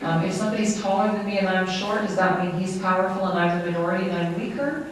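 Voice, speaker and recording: An interpreter voicing a lecture live, in a halting, self-correcting way. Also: medium pitch. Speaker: sign language interpreter. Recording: very echoey room, distant mic, faint noise.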